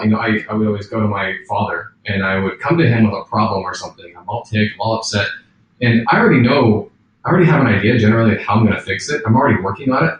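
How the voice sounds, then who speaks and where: A man answering as a podcast guest, earnest and storytelling, laughing easily. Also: fairly low pitch. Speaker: guest author. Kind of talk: conversational interview answers. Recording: roomy, distant mic with faint background noise.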